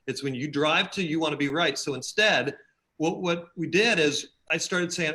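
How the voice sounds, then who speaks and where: A man's voice: on the high side, normal speed. A man guesting on a podcast, chatting casually and telling stories with acted-out quotes. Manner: storytelling, acts out quotes in animated voices. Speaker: podcast guest, team leader. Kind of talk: casual chat.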